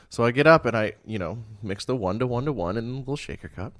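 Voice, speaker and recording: A man swaps stories in a relaxed podcast chat, his voice swooping up and down as he laughs through a tale. He sounds worn out after a night shift. The sound is dry and close. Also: medium pitch, fast, no echo. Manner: laughs a lot, animated storytelling. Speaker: podcast co-host. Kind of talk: casual chat.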